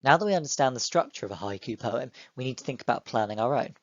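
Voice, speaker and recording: A young male teacher giving an online lesson to children, explaining step by step in a clear, encouraging way. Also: mid-range voice, expressive, fast talker, no echo, dull audio. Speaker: primary school teacher.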